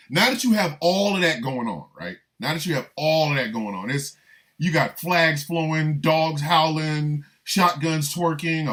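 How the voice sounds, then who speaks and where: Animated man riffing in a comic monologue. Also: a little high. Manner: animated, repetitive riffing with mock-incredulous asides. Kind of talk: comedic monologue.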